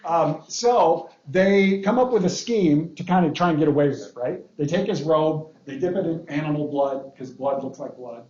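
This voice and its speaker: A man's voice: fairly high pitch, normal speed, few pauses, mellow, roomy sound, muffled recording. A man, a pastor, leading a casual Bible study lesson, reading scripture aloud and breaking off for joking asides and questions to the group.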